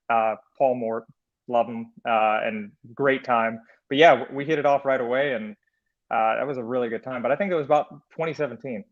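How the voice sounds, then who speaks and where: A man's voice: mid-range voice, dull audio. A man, a life coach chatting casually as a podcast guest and calling everyone "man". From United States. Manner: easygoing, calls everyone "man". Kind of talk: casual chat.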